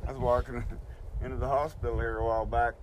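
A man's voice: medium pitch, a little hiss or hum. An older man telling rambling, profane stories in a casual chat, laughing as he goes. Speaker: storyteller among hunters. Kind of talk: casual storytelling.

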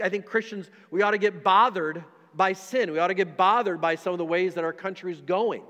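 A man's voice: sits high, bright, forceful tone, in a large hall. A middle-aged man preaching a sermon as a pastor, passionate, repeating himself and asking rhetorical questions. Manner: impassioned preaching with frequent repetitions and rhetorical questions.

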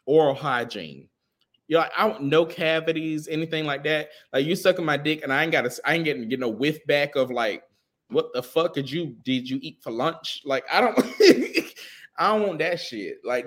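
A man's voice: on the high side, a bit bright. Blunt, profane man on a podcast. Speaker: podcast co-host. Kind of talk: casual chat.

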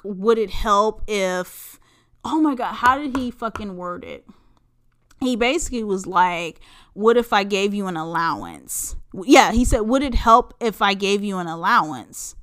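A young adult woman hosting a podcast, telling a story in a casual, candid and animated way, swearing often and talking freely to her listeners. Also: mid-range voice, clean tone. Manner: animated, profane, fast-shifting; self-described introvert, candid. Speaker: podcast host.

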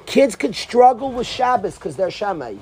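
A man's voice: high voice, big pitch swings, moderate pace, darkish tone, a little hiss or hum, rough recording. A man giving an informal Torah talk, telling stories animatedly, acting out the people he quotes and mixing in Yiddish and Hebrew words. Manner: sprinkles Yiddish and Hebrew terms. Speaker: Torah teacher.

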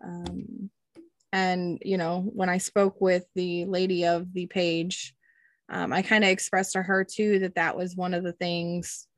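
A young woman co-hosts a podcast in casual conversation, her voice fairly low and unhurried with no echo. She's chatty, says "um" a lot, and tells stories with plenty of animation.

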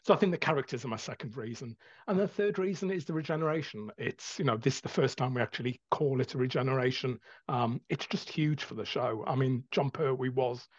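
A man with a husky, breathy voice argues enthusiastically through his reasons one by one. His mic sounds dull and lo-fi, with a very dry room. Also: medium pitch, brisk, few pauses, no echo. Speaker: podcast host. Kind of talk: casual panel discussion.

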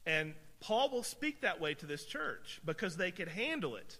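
A male preacher with a high, bright, ringing voice delivers a conversational sermon. He stresses points by repeating words, and his voice trails off into a long reverb that fills the church hall. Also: big pitch swings, normal speed, hardly any pauses. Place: church sanctuary.

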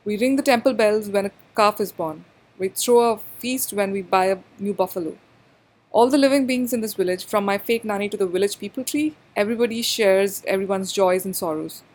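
A woman's voice: medium pitch, a little fast, close to an everyday voice. Woman doing a fiery village girl scolding. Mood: indignant. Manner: loud, indignant scolding. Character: feisty young village girl, outspoken and proud.

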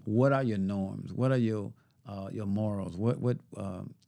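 This podcast co-host has a lowish, gravelly, mellow voice and speaks a little slowly. In casual chat, he tells a story and acts out the dialogue he quotes.

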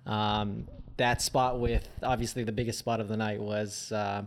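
Animated man co-hosting a chat. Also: fairly low pitch, unhurried. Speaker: podcast co-host. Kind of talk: casual chat.

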